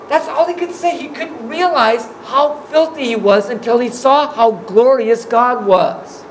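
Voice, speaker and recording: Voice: mid-range voice, slight background noise, poor audio. A preacher giving a sermon in a casual, slangy storytelling manner, acting out the scripture scenes in everyday words.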